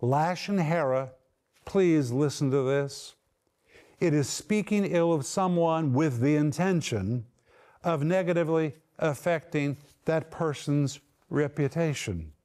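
A man's voice: fairly high pitch, a little slow, a little mellow. A man giving a teaching sermon, explaining words one by one with strong emphasis. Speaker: Bible teacher.

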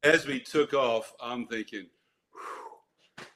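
A man's voice: medium pitch, moderate pace, fairly bright tone. An older man telling his life story as an interview guest, vivid and dramatic, with restarts. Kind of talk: animated storytelling.

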